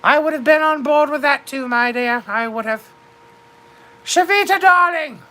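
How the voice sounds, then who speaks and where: A woman doing a high, bright, darling-calling duchess. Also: normal speed. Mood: gushing. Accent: put-on British. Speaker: livestream host in character. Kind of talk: comedic character livestream, reading chat.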